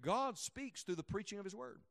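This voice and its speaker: Middle-aged male evangelist with a high voice, preaching with emphatic build-ups and quiet asides to a congregation. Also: lively intonation, normal speed, vocal fry. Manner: emphatic, rhetorical questions, swings between loud and hushed. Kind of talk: sermon. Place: church meeting room with congregation.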